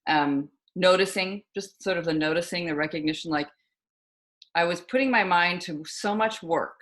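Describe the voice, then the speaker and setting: A woman's voice: fairly low pitch, normal speed, a bit bright. A woman hosting a podcast, reflective and thinking aloud in casual conversation. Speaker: podcast host.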